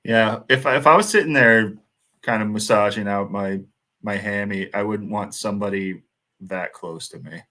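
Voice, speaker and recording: American man, very low voice, casual watchalong banter, frequent laughs. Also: normal speed, bright, forceful tone. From United States. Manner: laughs often, loose rambling banter. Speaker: watchalong co-host. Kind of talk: casual match commentary chat.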